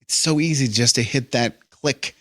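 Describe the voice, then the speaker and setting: A man's voice: mid-range voice, moderate pace, a bit bright. Easygoing man bantering as podcast co-host. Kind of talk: casual chat.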